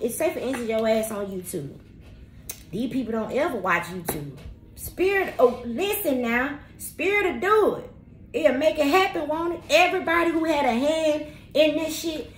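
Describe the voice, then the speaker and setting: A woman giving a tarot reading, talking to viewers in a blunt, slangy, profane and emphatic way. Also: mid-range voice. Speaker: tarot reader. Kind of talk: spirited tarot reading monologue. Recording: roomy echo with faint background noise.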